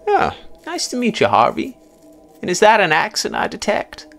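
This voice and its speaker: A man's voice: high voice, wildly swooping pitch, normal speed, vocal fry, voice pushed up, exaggerated voice. A man voicing a jovial, eager American man with a cheery, pleading manner in a horror story narration. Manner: cheery, pleading, falsely bright.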